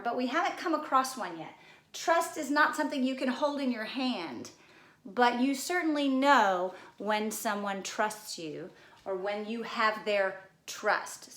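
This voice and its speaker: A woman's voice: fairly high pitch, a bit bright. A woman teaching a children's spelling lesson, playful and patient, using props and guessing games to introduce each word. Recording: echoey room.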